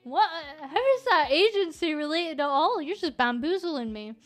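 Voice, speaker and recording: A woman's voice: high voice, lively intonation, moderate pace, fairly bright tone, soft background music. A woman with a Scottish accent who runs a VTuber agency, answering viewer questions in a casual livestream. She talks frankly and jokingly, with plenty of fillers and restarts.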